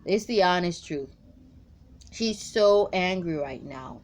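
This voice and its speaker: A woman's voice: medium pitch, animated, unhurried, darkish tone, a little hiss or hum. A woman doing a tarot reading straight to the viewer, blunt and emphatic, swearing freely and repeating her points. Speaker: tarot card reader.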